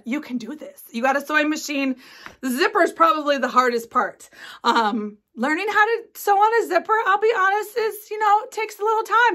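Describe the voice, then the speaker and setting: A woman's voice: high voice, pushed and bright. A woman in her forties hosting a craft video at home, chatting enthusiastically about her sewing projects with lots of ums and asides. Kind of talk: casual show-and-tell chat.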